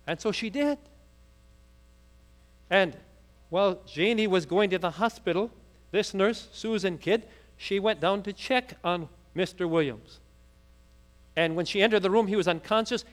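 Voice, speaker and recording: High-voiced man preaching a story. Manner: rapid storytelling that rises into fervent, emphatic preaching. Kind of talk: sermon with storytelling.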